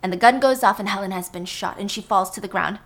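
Speaking quickly in a medium-pitched voice, a woman walks a friend through a film's plot. She acts out the quotes and slips into whispers for the tense scenes in this lively recap.

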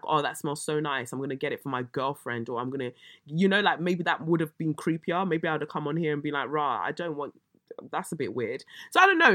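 A woman, hosting a casual solo podcast, a little croaky, telling stories with swearing and dramatic outbursts. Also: deep voice, no echo, clean studio sound. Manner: animated storytelling, swearing, bursts of exaggerated shrieking. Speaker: podcast host.

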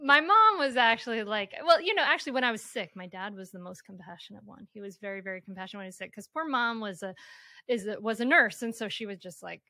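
A woman hosting a podcast, talking in a soft, reflective, halting way with many restarts during a casual interview. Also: mid-range voice, no echo, studio quality. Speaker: podcast host.

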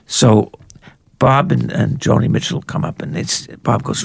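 An older man, an author and journalist, telling anecdotes in an animated way in a conversation and jumping into higher voices when he quotes people. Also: normal speed, creaky, slightly rough, no room sound, clean studio sound. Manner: animated raconteur, jumps into high-pitched voices for quoted people. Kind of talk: anecdotal storytelling in a podcast conversation.

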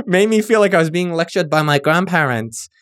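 A man from California, hosting a podcast and giving casual, joking shout-outs to listeners in a laid-back, profane, slangy way. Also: sits high, expressive, normal speed, dry recording, studio quality. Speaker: podcast host.

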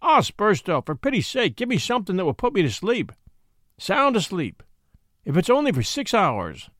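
A man's voice: high voice, huge pitch swings, normal speed, a bit bright, no echo, clean studio sound, heavily acted. A man voicing a desperate, sleepless young Englishman who pleads in a trembling, frantic way. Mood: desperate pleading.

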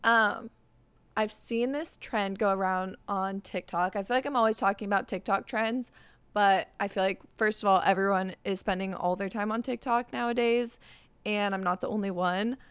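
A woman's voice: mid-range voice, steady tone, normal speed, clear, resonant tone, dry recording. A young woman hosting a solo podcast, talking in an upbeat, chatty way and saying "like" constantly. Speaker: podcast host. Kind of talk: casual solo podcast chat.

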